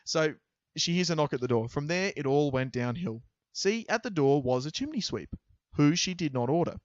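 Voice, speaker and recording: A man co-hosting a podcast, telling a story in a casual, animated, jokey way and laughing often. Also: on the high side, moderate pace, no echo, dull audio. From half English. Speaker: podcast co-host.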